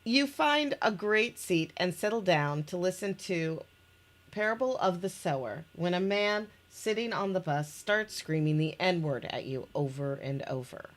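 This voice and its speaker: Speaking at a measured pace in a fairly low voice, this woman walks through an interactive story game she created. She reads the scenes out in a relaxed chat, stumbling into restarts and breaking into laughter.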